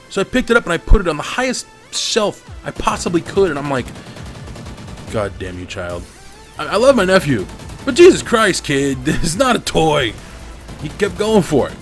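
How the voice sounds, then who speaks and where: A man venting with lots of swearing while commenting over his gameplay. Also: fairly high pitch. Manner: profane, venting, angry. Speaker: gaming commentator.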